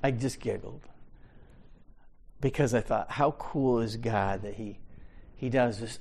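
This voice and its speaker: A man leads a Bible study in an unhurried, deliberate way. His voice is gravelly with a mid-range pitch. He is emphatic, repeats his key words, and swings between quiet asides and loud pronouncements. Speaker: Bible teacher.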